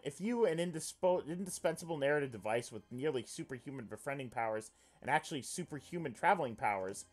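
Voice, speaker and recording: A man playing a visual novel on stream, reading its text aloud and reacting in an animated, excitable way, swearing freely. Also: medium pitch. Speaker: let's player.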